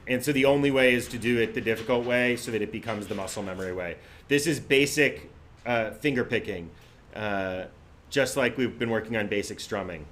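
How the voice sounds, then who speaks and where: A man's voice: fairly low pitch, brisk, fairly bright tone, a little hiss or hum. A man teaching an online ukulele class, counting out finger-picking patterns as he plays. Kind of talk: online group music lesson. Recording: ukulele playing under the voice.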